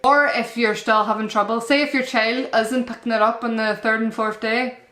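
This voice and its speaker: Chatty mum in an echoey room. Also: female voice, fairly high pitch, fairly even intonation, moderate pace, pushed and bright. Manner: chatty and earnest, addresses viewers as "guys", repeats herself. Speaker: mum vlogger giving parenting advice. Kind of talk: casual advice vlog to camera. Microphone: camera-mounted shotgun mic.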